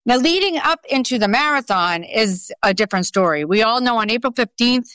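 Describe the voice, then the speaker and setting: A woman's voice: fairly high pitch, animated, a little fast, fairly bright tone, clean tone, no room sound. A middle-aged woman with a Boston accent, a guest in an interview, talking emphatically and skeptically in a conversational way. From Boston, USA. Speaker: guest journalist. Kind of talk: podcast interview.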